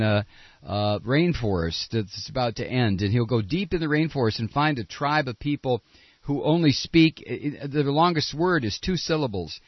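A man hosting a political talk radio show, sarcastic, and now and then breaking into shouted tirades. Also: on the high side, slightly rough, no echo. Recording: dull lo-fi radio broadcast.

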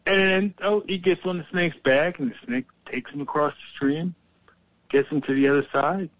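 A man hosting a heated political talk, animated and profane, telling stories to make his point. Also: fairly high pitch, brisk, no room sound, muffled recording. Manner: profane, animated, fired-up storyteller.

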